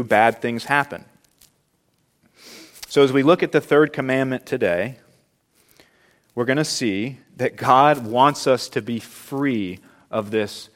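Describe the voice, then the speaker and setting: A man delivers a sermon in an earnest, emphatic preaching voice at a middle pitch. He leans into key words and slows right down on them. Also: fairly bright tone. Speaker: pastor.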